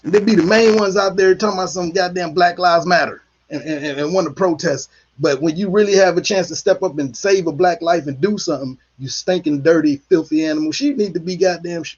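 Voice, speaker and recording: Male host, high husky voice, furious profane rant, dull lo-fi audio. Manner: angry, profane ranting. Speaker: political commentary host. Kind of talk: heated solo commentary.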